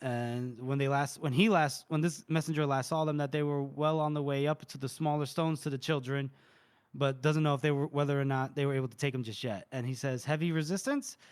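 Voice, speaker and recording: A young man hosting a podcast, casually retelling a book chapter with relaxed swearing. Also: mid-range voice, fairly quick, smooth. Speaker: podcast host.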